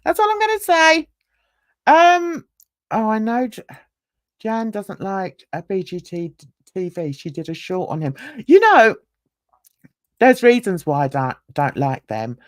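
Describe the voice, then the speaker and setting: A woman's voice: mid-range voice, big pitch swings, measured pace, dry recording, clean studio sound. A woman on a livestream panel, chatting casually, laughing often and mimicking other people's voices.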